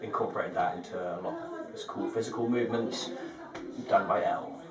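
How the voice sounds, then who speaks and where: A man's voice: fairly low pitch, huge pitch swings, fairly quick, over a noisy crowd. A young man, a student theatre maker, chatting hesitantly with many fillers. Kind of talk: casual chat. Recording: roomy, far mic, loud guitar music.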